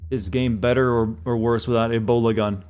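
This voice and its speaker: A man's voice: mid-range voice, fairly even intonation, brisk, darkish tone, clean tone. A man streaming a video game, making joking, irreverent, rambling commentary as he plays. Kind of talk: casual gameplay commentary.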